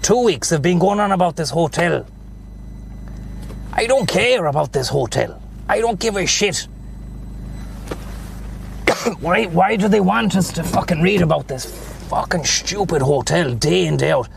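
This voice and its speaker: A man's voice: fairly high pitch, animated, normal speed, gravelly, a little hiss or hum. An Irish man chatting casually and profanely while he livestreams from his car, rambling between thoughts. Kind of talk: casual chat while driving.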